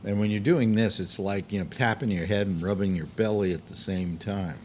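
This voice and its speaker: A man's voice: on the low side, normal speed, darkish tone, a little hiss or hum. A man hosting his own show, talking casually in a rambling way, full of fillers, restarts and the odd curse when frustrated. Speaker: host. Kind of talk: casual monologue.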